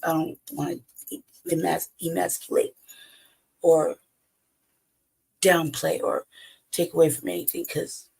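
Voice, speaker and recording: A woman in casual chat, animated, laughing often and swearing freely. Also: low voice, unhurried, gravelly, long pauses, husky.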